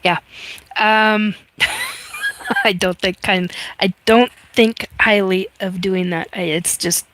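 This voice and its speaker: A woman's voice: mid-range voice, huge pitch swings, takes it slowly, fairly bright tone. A woman in her fifties hosting a casual livestream, chatty and reading viewer comments aloud with many fillers. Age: 50s. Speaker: livestream host reading chat. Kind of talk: casual live chat.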